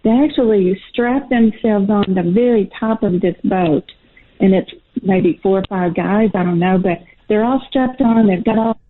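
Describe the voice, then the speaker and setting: A woman's voice: medium pitch, moderate pace. A middle-aged woman calling in to a radio show, out of breath and nervous, telling a rambling story. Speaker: caller. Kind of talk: casual phone call to radio show. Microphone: phone. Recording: tinny phone line.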